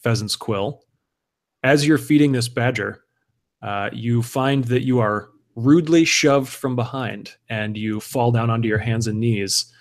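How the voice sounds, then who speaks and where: Game master, man, relaxed hesitant narration with fillers, middling pitch. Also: unhurried.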